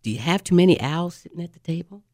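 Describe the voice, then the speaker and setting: Woman coach guesting on a talk show, lively teaching, lowish voice. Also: fast. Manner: animated, teaching with examples. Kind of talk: conversational talk show explanation.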